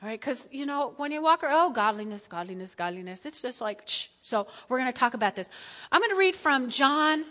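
High bright-voiced woman pastor preaching. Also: lively intonation, a little fast, big-room sound. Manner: conversational, repetitive, swings from loud to hushed. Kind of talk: sermon.

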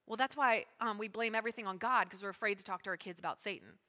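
A woman pastor preaching a sermon, talking fast and emphatically and calling out to her congregation. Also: medium pitch, sharp tone. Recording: long hall reverb.

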